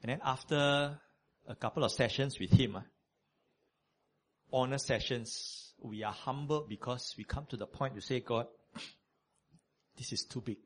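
A man preaching a sermon, conversational and animated, with many fillers. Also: mid-range voice, a little slow, pauses often.

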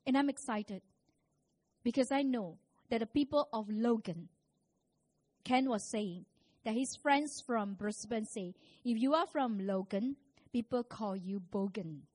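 A woman's voice: a little high, a little slow. Woman preaching a sermon. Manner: storytelling, rising to loud emphatic preaching.

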